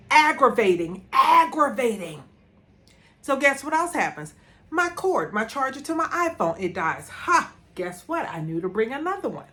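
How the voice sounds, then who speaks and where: A woman's voice: a little high, fairly bright tone. A middle-aged woman telling a personal story as a motivational vlogger, talking from a room at home and repeating words for emphasis.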